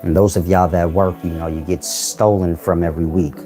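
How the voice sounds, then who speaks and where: Low, mellow-voiced man lecturing bluntly. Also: level tone, fairly quick, soft background music. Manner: blunt streetwise slang, rhetorical questions to viewers. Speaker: channel host giving life advice. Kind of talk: casual philosophical monologue.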